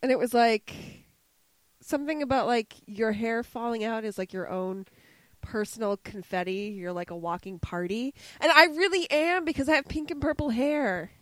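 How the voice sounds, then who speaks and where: Woman, podcast co-host, high bright voice, unhurried, playful, dry sound. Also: no echo, low-quality recording. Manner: playful, silly, giggly. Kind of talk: casual podcast chat.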